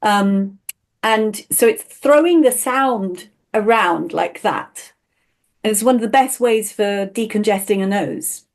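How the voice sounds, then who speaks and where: A woman's voice: mid-range voice, takes it slowly. Enthusiastic woman voice teacher. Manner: enthusiastic, explanatory, laughs often. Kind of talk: one-on-one voice lesson.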